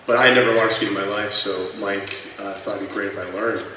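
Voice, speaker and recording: A man's voice: on the low side, steady tone, fast, bright, forceful tone. A man in his thirties sharing anecdotes as a former colleague at a tribute panel, chatty and full of fillers. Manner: chatty, lots of fillers, laughs through the punchlines. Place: large convention hall. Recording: echoey hall from far off, noisy room.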